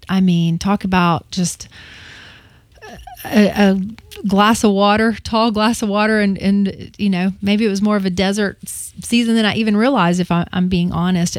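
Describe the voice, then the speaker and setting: A woman's voice: medium pitch, a little mellow, no echo. A woman co-hosting a morning radio show in a studio, talking eagerly in casual chat with lots of restarts. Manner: eager, chatty, full of restarts and "you know".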